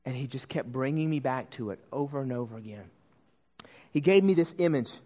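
A man preaching a sermon as a pastor, telling a personal story earnestly and emotionally, often dropping to a hushed voice, with frequent restarts. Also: mid-range voice, lively intonation, brisk, highs cut off.

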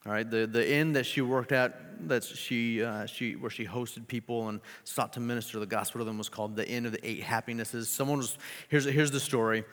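A man preaching a sermon, telling a story with animated delivery and joking asides. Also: mid-range voice, a little fast, big-room sound. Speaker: pastor.

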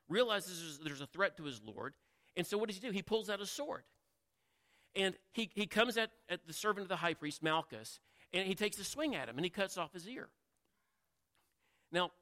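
A man's voice: a little high, sharp tone. A man preaching a sermon in a conversational way, asking the listeners questions and acting out the quotes. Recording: long reverb of a large hall.

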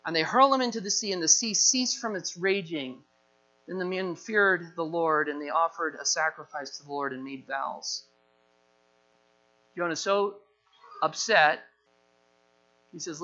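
A pastor preaching with an animated delivery, slipping into the voices of the people in his story. His voice sits high and bright. The recording sounds a little dull and lo-fi. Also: moderate pace. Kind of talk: sermon.

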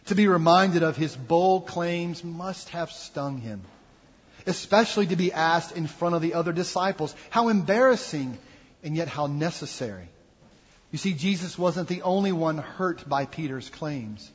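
Husky-voiced man preaching in a reverberant hall. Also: fairly high pitch, expressive, a little slow. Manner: earnest, reflective preaching with acted quotes. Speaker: pastor. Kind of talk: sermon. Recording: dull sound with long hall reverb.

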